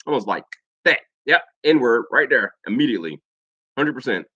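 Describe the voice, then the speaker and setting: A man's voice: mid-range voice, animated, moderate pace, sharp tone, no room sound, muffled recording. An American man and Air Force veteran telling a profane personal story in a casual vlog monologue, mimicking other people's lines as he goes. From United States.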